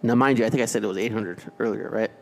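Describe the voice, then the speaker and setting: A man's voice: fairly low pitch, very fast, vocal fry. A man co-hosting a podcast, telling a story in casual banter, swearing freely and repeating words as he restarts. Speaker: podcast co-host.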